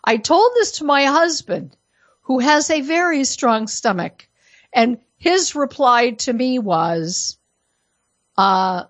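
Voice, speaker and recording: A woman's voice: on the high side, lively intonation, slow pace, no room sound. A woman from Colorado giving an opinion monologue as a commentator, full of sarcastic, mock-innocent asides. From Colorado, USA. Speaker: political commentator.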